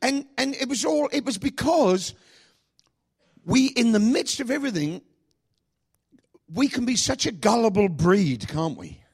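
A man pastor preaching a sermon, asking the congregation repeated questions and speaking with lively emphasis. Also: extremely high pitch, measured pace, gravelly, pauses often, husky.

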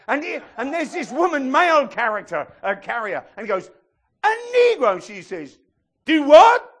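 A man preaching a sermon, telling stories with animated shouted impressions. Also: very high-pitched. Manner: animated storytelling, bursts into excited shouted impressions.

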